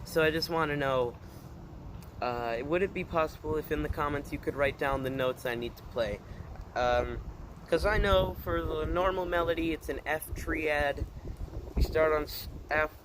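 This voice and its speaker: A man with a somewhat high voice talks casually to his channel, rambling and hesitant with plenty of fillers. He delivers corny puns in a deadpan way, over clear background noise. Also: normal speed. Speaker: channel host. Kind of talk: casual vlog chat.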